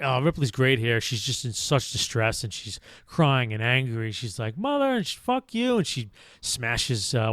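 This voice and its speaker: A man's voice: medium pitch, no room sound. Man casually recapping a film. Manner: rambling, thinks aloud with fillers and restarts. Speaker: podcast host.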